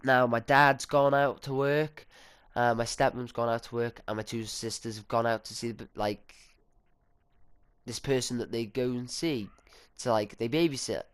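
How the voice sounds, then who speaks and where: A man's voice: medium pitch, fairly even intonation, normal speed, clear, resonant tone, no echo. Indignant teenage boy telling a story. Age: teens. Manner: rambling, indignant, sweary. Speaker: vlogger. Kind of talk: casual storytime.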